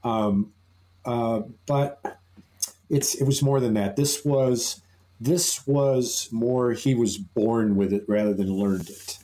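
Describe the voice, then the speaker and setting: An older man co-hosts a casual podcast. He tells his stories haltingly, stopping on fillers and chuckling along the way. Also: medium pitch, fairly even intonation, warm tone. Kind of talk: casual chat.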